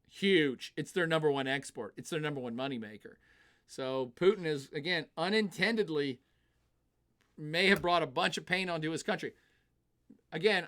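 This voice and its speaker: Animated male streamer, fairly high voice. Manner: animated, acts out nations in quoted voices; chatty, reads viewer comments aloud. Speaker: streamer and geopolitics commentator. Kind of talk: live-streamed political commentary.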